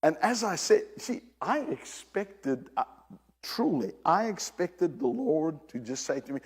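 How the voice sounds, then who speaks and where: Animated preacher in an echoing hall. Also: male voice, high-pitched, normal speed, breathy edge. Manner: animated, repeats phrases, swings from hushed to loud. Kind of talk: sermon. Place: church service with a congregation.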